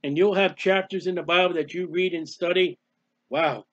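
A man giving a personal devotional talk as a preacher, emotional and halting, sometimes crying out in prayer. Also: sits high, fairly even intonation, dry recording, lo-fi sound.

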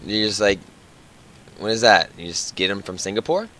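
A gaming channel host runs a casual let's-play, joking playfully and thinking aloud as he goes. His voice is on the low side, bright and forceful, at a normal speed.

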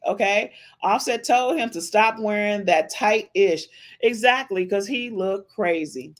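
A woman hosting a podcast, giving casual reaction commentary on a livestream in an emphatic, chatty way and often tossing in a questioning "okay?". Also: fairly low pitch. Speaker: podcast host.

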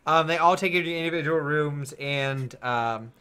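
A man's voice: fairly high pitch, normal speed, pushed and bright, clean tone. A man narrating a tabletop role-playing game as game master in a loose, joking way, with many fillers.

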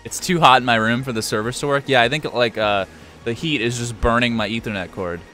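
A man's voice: mid-range voice, a little fast, pushed and bright, faint music behind. A young man streaming a game, chatting casually with viewers, joking and swearing freely. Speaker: gaming streamer. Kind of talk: casual live-stream commentary.

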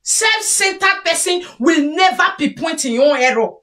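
Nigerian woman vlogger, high-pitched, talks straight to viewers in a scolding, advice-giving tone. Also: expressive, moderate pace, fairly bright tone, distant mic. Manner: lecturing, scolding, mixing pidgin. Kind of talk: casual advice monologue. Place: home.

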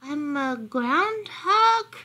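Lady doing a tiny lost doggy from a picture book, worried and whiny, high voice. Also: big pitch swings, very slow, pushed and bright, exaggerated voice. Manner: plaintive, questioning. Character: small lost pet dog, anxious and innocent.

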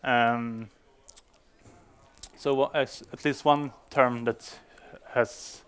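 A man's voice: mid-range voice, steady tone, very slow, fairly bright tone, clean tone. A man giving a conference talk to developers, speaking English as a non-native speaker, with frequent fillers and restarts. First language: Swedish. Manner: hesitant, many fillers and restarts.

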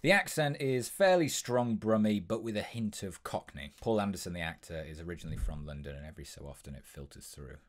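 A young man talks through an impressions tutorial in a brisk, instructive manner, pausing now and then with an um. His voice is low and even. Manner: brisk, instructive, with frequent ums. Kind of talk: tutorial explanation.

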